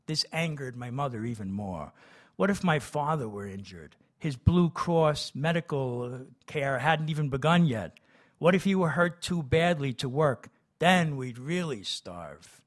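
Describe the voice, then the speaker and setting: A man's voice: medium pitch, expressive, measured pace. A man reading his memoir aloud, who breaks off into chatty, hesitant asides. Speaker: memoir narrator.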